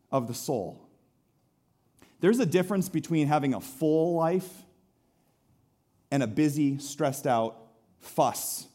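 Guy preaching a sermon, kinda high voice, punches some lines loud then goes soft and slow. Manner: dynamic preaching, swinging between loud emphasis and soft slow phrases. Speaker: pastor.

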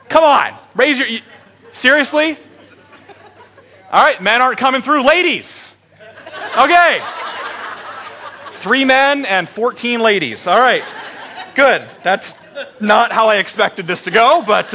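A man's voice: sits high, sharp tone. A middle-aged man preaching an Easter sermon as pastor, joking and playful with his congregation.

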